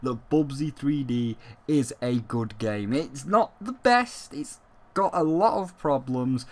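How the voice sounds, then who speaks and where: A young man giving casual, emphatic gaming commentary on his vlog, swearing freely as he argues his point. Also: fairly high pitch. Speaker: gaming YouTuber.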